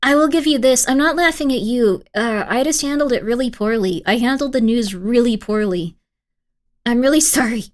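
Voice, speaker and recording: A woman's voice: fairly high pitch, moderate pace. A woman streamer chatting casually with her live chat, giggly, rambling and full of apologies. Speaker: streamer reacting to videos.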